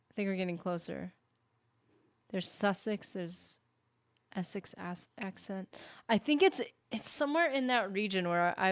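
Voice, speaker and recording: A woman's voice: medium pitch, smooth. A woman gaming streamer chatting casually and rambling while she plays, often correcting herself. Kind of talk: casual live-stream chat.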